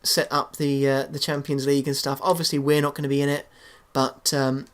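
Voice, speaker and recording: A man's voice: mid-range voice, little pitch movement, a little fast, a bit bright. A young man giving casual, hesitant commentary on his football game, full of fillers and restarts. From England. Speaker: gaming YouTuber.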